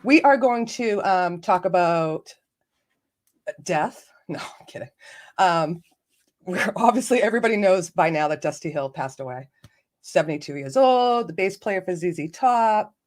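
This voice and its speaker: A woman's voice: on the low side, animated, unhurried. A woman hosting a casual live stream, chatty and self-joking, laughing often and greeting viewers by name. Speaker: livestream host.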